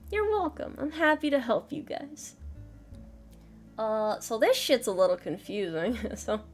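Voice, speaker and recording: A woman's voice: on the high side, very animated, unhurried, soft background music. A young woman streaming a math lesson, flustered and self-mocking, muttering and swearing as she works through problems. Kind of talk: casual live-stream chat while solving problems.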